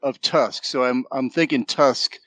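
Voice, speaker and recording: A man on a podcast, chiming in with quick asides in casual chat. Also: medium pitch, fairly even intonation, bright, forceful tone, no room sound.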